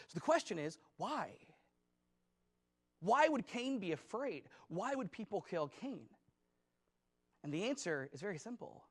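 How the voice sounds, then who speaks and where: A man's voice: high-pitched, fairly bright tone. A man preaching a conversational sermon as pastor, talking casually and rambling with many fillers.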